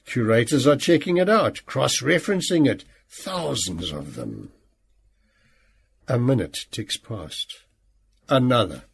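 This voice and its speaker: A man narrating a novel in the first person, animated and playful. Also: mid-range voice, vocal fry, slightly rough. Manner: animated, acts out quoted speech. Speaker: audiobook narrator.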